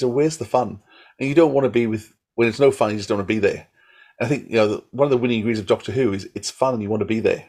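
A man co-hosting a podcast who shares considered opinions in a relaxed way. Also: medium pitch, breathy edge. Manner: reflective, opinionated. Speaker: podcast co-host. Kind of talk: casual chat.

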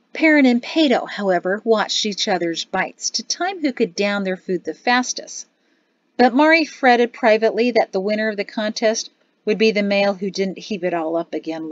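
A woman's voice: mid-range voice, no echo. Woman narrating an audiobook, dry sound. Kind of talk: scripted narration. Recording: slightly dull dry studio recording.

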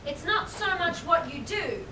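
A young woman plays a self-serious girl who wants to write plays, tossing out dry, sarcastic asides in a fairly high voice. The sound comes from a camera far back in an echoey theatre. A steady noise runs underneath. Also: measured pace, exaggerated voice. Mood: wry. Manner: wry, sarcastic asides to the audience. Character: earnest young female aspiring playwright, self-serious. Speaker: stage actor. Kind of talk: live amateur stage play. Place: small theatre stage. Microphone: far camera in audience.

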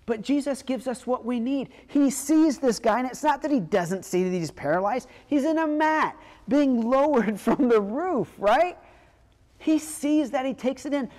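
A woman pastor preaching a sermon in a relaxed, conversational storytelling way. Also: fairly high pitch, in a large hall.

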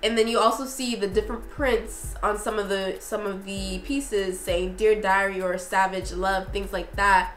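A young woman vlogger chats in an effusive, meandering way, her sentences full of fillers and restarts. Her voice sits at an ordinary pitch. The room around her is echoey, and faint music plays underneath. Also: fairly even intonation, normal speed, few pauses. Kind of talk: casual review vlog.

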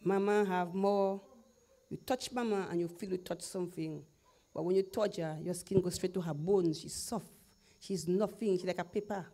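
Speaking at a normal speed in a fairly low-pitched voice, a middle-aged woman from Dominica, with a Dominican Creole English accent, shares her personal testimony as a guest. She's animated, laughs frequently, and performs the voices of people she quotes.

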